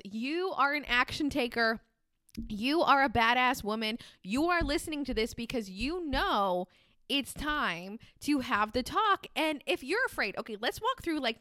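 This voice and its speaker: Young woman podcast host, blunt casual advice, kinda high voice, dry close mic. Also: sharp tone, dry recording. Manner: candid, swears casually, acts out sample dialogue.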